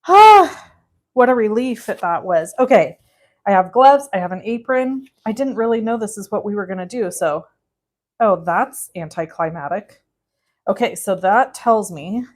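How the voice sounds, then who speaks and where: A woman's voice: mid-range voice, moderate pace, a little mellow. A woman in her forties hosting a live card-making demonstration, chatting directly to her viewers as she works.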